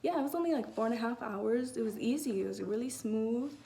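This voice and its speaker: A woman's voice: on the high side, animated, fairly quick, creaky, mellow. A teenage girl telling a personal story in a casual vlog, rambling with many fillers and restarts. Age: late teens. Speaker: vlogger.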